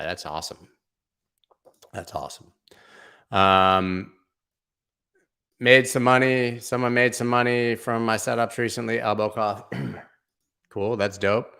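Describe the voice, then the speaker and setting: A man with a low but bright voice and a forceful tone hosts a casual crypto livestream. Laid-back and chatty, he talks in slang, reads viewer comments aloud, and walks through price charts.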